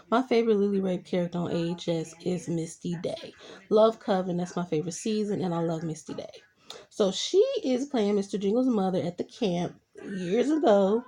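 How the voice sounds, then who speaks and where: A young adult woman who reviews TV shows recaps episodes in a casual, chatty way, sprinkling in her own "I'm like" reactions. Her voice is medium-pitched with a dark tone and a breathy edge.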